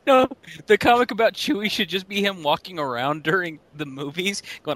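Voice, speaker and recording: A man joking around in casual chat, animated and profane. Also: high voice, moderate pace, few pauses.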